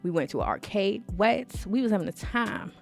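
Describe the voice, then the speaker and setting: A woman vlogger telling a casual story time with animated, sassy emphasis. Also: medium pitch, fairly quick, vocal fry, faint music behind.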